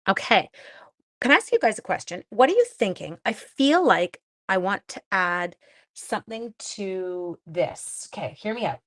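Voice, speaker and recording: A woman's voice: mid-range voice, big pitch swings, measured pace, a bit bright. A middle-aged woman from Canada chatting with viewers while she makes cards on a live stream, thinking aloud as she works. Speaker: card-making live streamer. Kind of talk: live craft stream chat.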